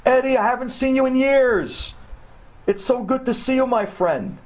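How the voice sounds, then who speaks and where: A man doing a booming, excited older president. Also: a little fast, slightly rough. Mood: warm, elated. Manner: booming, excited, then indignant. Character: elated then angry older male US president. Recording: dull lo-fi recording.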